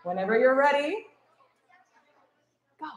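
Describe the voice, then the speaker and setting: A young woman visiting from radio cheers schoolchildren through tongue twisters, laughing a lot and encouraging them along. Her voice sits high and animated but unhurried, and the echoey school hall holds children's chatter and slight background noise.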